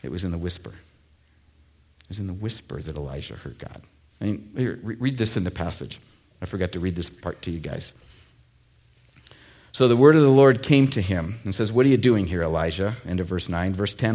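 A man's voice: sits low, brisk, darkish tone. A man preaching a sermon to a congregation in a conversational way, with asides and jokes. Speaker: pastor.

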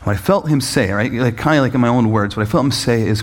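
A man preaching a sermon as he tells a personal story, acting out voices and leaping up in pitch when excited, laughing at times. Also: fast, hardly any pauses. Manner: animated storytelling, acts out voices, jumps high when excited. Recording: echoey hall reverb.

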